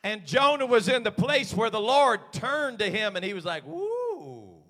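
A man pastor preaching a sermon, swinging from hushed asides to shouted, fiery passages. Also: sits high, expressive, moderate pace, long reverb tail.

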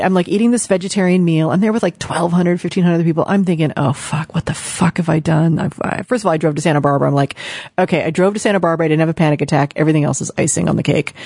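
A woman with a lowish voice hosts the show in a loose, chatty way, swearing freely and laughing between stories. Her voice is recorded close and dry, with no room sound. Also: a little mellow, no room sound. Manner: chatty and profane, laughs often. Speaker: podcast host. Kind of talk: casual chat.

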